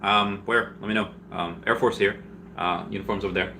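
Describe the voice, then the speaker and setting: Deep-voiced rambling male streamer. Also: moderate pace, slight background noise. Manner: rambling, with many restarts and sudden excited jumps in pitch. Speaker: livestream host answering viewer questions. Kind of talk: casual livestream Q&A.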